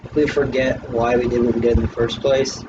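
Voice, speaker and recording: Flat-voiced man giving earnest testimony. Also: medium pitch, a little fast, over music. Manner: earnest, reflective, with "um"s. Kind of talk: casual faith talk, personal testimony. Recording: distant, muffled, noisy.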